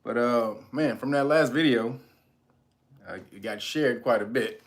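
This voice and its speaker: A man of middling pitch hosts his own video channel. His talk is loose, slangy and full of swearing. He mocks freely and keeps greeting his viewers by name. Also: measured pace. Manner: mocking. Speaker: channel host.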